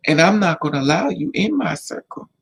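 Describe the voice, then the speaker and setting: A man's voice: fairly high pitch, big pitch swings, fairly quick, creaky, husky, poor audio. A man giving emphatic, repetitive life advice in a casual monologue to camera, sounding like a vlogger.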